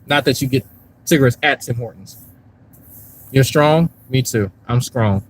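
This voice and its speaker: A man's voice: mid-range voice, unhurried, slight background noise, low-quality recording. A man on a casual live stream, rambling and swearing as he talks to his chat from a park and a car. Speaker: YouTube commentary streamer. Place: outdoors in a park, then in a parked car.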